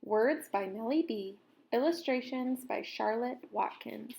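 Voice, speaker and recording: A woman reading a children's picture book aloud, clear and expressive. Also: fairly high pitch, unhurried, slight background noise. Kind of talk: storybook read-aloud narration.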